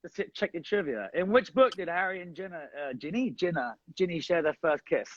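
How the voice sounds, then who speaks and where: A man's voice: sits high, animated, a little fast, slight background noise. Dull-sounding chatty man on a call. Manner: chatty, asks questions, laughs along. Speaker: guest on a live stream. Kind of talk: casual chat.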